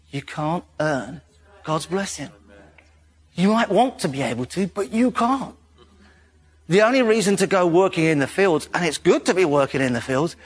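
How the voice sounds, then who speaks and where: A male preacher giving a jokey, animated sermon in a church hall. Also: high voice, husky. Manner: animated, jokey, laughs often. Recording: reverberant hall.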